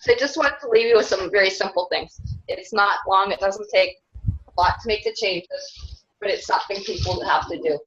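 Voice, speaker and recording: A woman in a casual interview who rambles earnestly from one thought to the next and laughs often between them. Her voice sits at an ordinary middle pitch. The recording is dull and lo-fi. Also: sing-song, normal speed, fairly bright tone. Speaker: interviewee, self-described clan mother. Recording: dull lo-fi sound.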